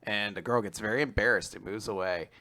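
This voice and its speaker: Speaking briskly in a lowish voice, this man co-hosts a laid-back podcast recapping manga. He narrates the scenes with lots of energy and performs each character's dialogue in over-the-top voices.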